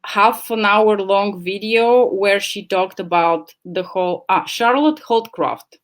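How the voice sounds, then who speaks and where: Taking her time, a medium-pitched woman chats casually on a livestream from home through her laptop mic. She rambles, speaks bluntly, and swears freely.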